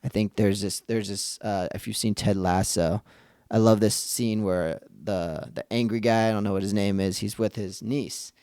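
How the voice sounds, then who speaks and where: A man in his thirties talks through a podcast episode in an earnest, loose way, circling back and restarting his thoughts. His voice sits low with a gravelly edge, and it is recorded dry and close with no room sound. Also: steady tone, moderate pace, mellow, dry recording. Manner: earnest, conversational with frequent restarts. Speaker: podcast host. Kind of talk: casual reflective monologue.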